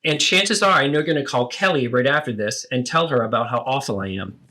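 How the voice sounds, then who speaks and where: A man voicing an adult child who calmly and firmly confronts their mother in a therapeutic role-play. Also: mid-range voice, brisk. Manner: earnest, steady, firm about boundaries.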